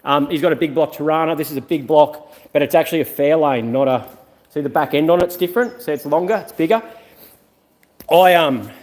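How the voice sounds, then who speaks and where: A man's voice: mid-range voice, darkish tone. An Australian man vlogging around a car yard, chatting to viewers in a blunt, rambling way and swearing freely. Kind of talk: casual rambling chat to viewers.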